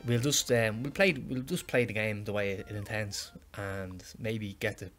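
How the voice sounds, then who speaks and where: A man's voice: lowish voice, moderate pace, fairly bright tone, soft background music. A young Irish man chatting casually while playing a video game with a friend. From Ireland. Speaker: let's-play host. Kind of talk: casual gameplay chat.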